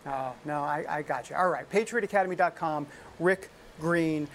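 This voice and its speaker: A woman's voice: low voice, moderate pace, a little hiss or hum. A woman hosting a casual political talk show, chatty and often laughing as she reads. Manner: chatty, laughs while reading.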